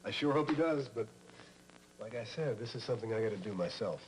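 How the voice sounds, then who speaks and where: An actor playing a dry, self-deprecating young lawyer planning a honeymoon, in 1980s TV soap acting. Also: male voice, fairly low pitch, expressive, brisk, slight background noise, natural voice, poor audio. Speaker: lawyer friend about to marry.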